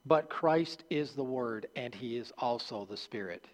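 In a church sanctuary with long hall reverb, a pastor delivers his sermon earnestly but haltingly. He restarts phrases, and his voice sinks low as each line ends.

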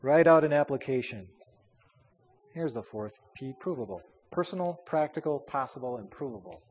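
An expressive man with a mid-range, slightly mellow voice and a breathy edge leads a Bible study as a pastor at normal speed. His informal teaching is conversational, with fillers and repeated words, and the recording has long hall reverb.

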